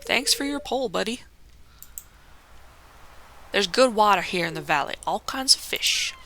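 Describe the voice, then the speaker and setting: A woman's voice: medium pitch, animated, a little slow, pushed and bright, a little hiss or hum, voice pushed up. A woman voicing a jovial old fisherman in a game, with a hearty seafaring drawl. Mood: friendly. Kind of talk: game character voice.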